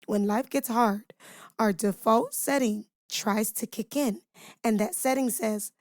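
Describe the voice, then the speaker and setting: A woman hosts a devotional podcast, teaching scripture in an emphatic preaching cadence while addressing listeners directly and informally with rhetorical questions. Her fairly high voice is a little slow, recorded dry with clean studio sound.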